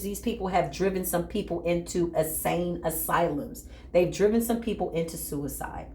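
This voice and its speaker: A woman's voice: on the low side, normal speed, hardly any pauses, a little mellow, slight background noise. Dramatic tarot-reading woman, echoey room. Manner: dramatic, emphatic, addresses viewers as y'all. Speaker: tarot reader. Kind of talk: spiritual tarot reading to viewers.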